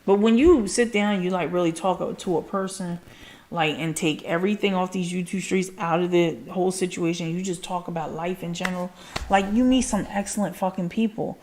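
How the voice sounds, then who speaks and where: A woman's voice: lowish voice, a little fast, a little mellow, slight background noise. A woman hosting a casual livestream chat, talking loosely with lots of "like" and swearing, and gushing thanks to her viewers. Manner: casual, frequent swearing and filler "like". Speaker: livestream host.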